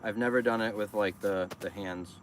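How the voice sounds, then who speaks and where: A man's voice: fairly low pitch, steady tone, moderate pace, a bit bright. A man casually chatting on a livestream outdoors, joking and waving at passing traffic. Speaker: farm livestreamer. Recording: outdoor street noise, passing cars.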